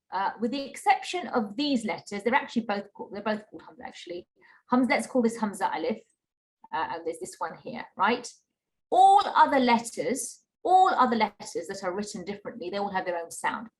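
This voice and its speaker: Teacher, woman, patient and repetitive, slightly high voice, online class over a video call. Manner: patient, repeats key points with frequent "okay?". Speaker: Qur'an teacher.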